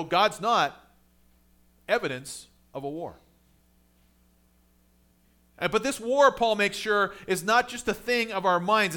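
A man with a high, bright voice preaching to his congregation. He talks in a conversational way, pressing his points with force and then letting his voice fall low and soft. His pitch sits well above most men's. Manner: conversational preaching, rising emphatic then dropping low and quiet. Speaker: pastor. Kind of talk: sermon.

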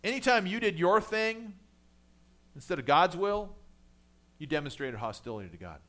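A man with a high, bright voice preaching to his congregation. He talks in a conversational way, pressing his points with force and then letting his voice fall low and soft. His pitch sits well above most men's. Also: very animated, moderate pace. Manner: conversational preaching, rising emphatic then dropping low and quiet. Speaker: pastor. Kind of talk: sermon.

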